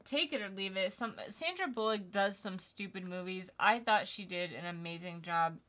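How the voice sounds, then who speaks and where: A woman's voice: mid-range voice, moderate pace, a bit bright. A young woman co-hosting a live stream, chatting casually and teasing her co-host. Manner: chatty, teasing, laughs easily. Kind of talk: casual chat.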